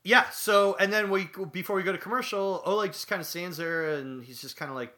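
Bright-voiced man, halting recap. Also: high-pitched. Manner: halting, repeats words, searches for names. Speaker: podcast co-host. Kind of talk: casual chat recapping a TV episode.

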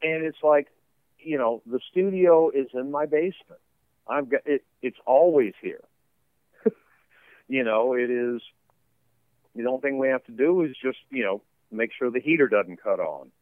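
A man's voice: mid-range voice, measured pace, long pauses, no room sound, phone-quality sound. A man talking casually as a musician guest in an interview, rambling with lots of fillers and laughs. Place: home basement studio.

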